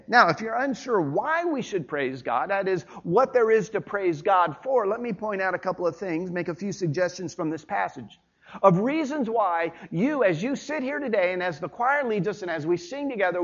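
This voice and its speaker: A man's voice: sits high, fairly bright tone, lo-fi sound. A male pastor preaching a Sunday sermon in a church, conversational and folksy, with homey asides.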